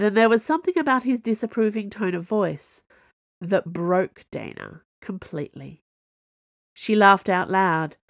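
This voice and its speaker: A woman narrates an audiobook in an even storytelling manner. Her voice sits low with a gravelly texture. The recording is dry and dull. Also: no room sound.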